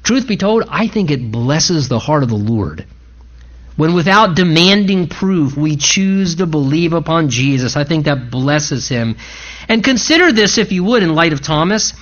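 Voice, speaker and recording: A man's voice: fairly high pitch, big pitch swings, unhurried, a bit bright. A man pastor delivers an impassioned sermon, his voice climbing and dropping with feeling as he pleads with the congregation. The church recording sounds a little muffled and lo-fi. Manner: earnest, impassioned preaching with pleading asides.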